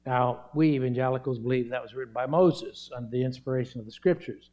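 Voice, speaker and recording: A man's voice: medium pitch, fast, a little mellow, dull audio. A middle-aged man pastor delivering a sermon, earnest and emphatic, stressing key words.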